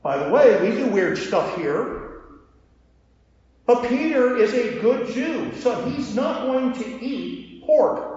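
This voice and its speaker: A man preaching a sermon as pastor, telling the story with acted dialogue and lively asides, recorded in a church sanctuary. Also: extremely high pitch, slow pace. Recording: echoey hall, dull lo-fi sound.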